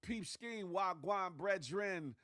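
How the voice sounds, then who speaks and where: A man's voice: sits high, expressive, slow pace, dry recording, studio quality. Hyped-up male morning show host. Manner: hype roll-call shout-outs, slangy and playful. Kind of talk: casual livestream morning show. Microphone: phone.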